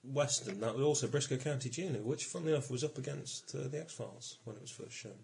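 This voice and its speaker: Man, player, mid pitch, dry wry delivery, casual chat. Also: quick pace, vocal fry, darkish tone. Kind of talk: casual chat at a tabletop game.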